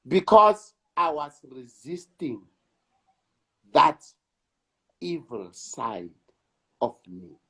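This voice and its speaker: A South African man, an actor and director, talking in an interview in a slow, emphatic way and repeating words for weight. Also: on the high side, very animated, fairly bright tone. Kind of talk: reflective conversation.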